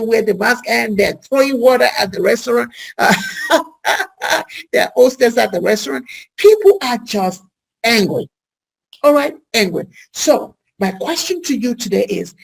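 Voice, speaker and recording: Gravelly husky woman talking casually. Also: medium pitch, low-quality recording. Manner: chatty, rhetorical questions, acts out little quoted exchanges. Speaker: nurse practitioner host. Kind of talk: casual educational talk.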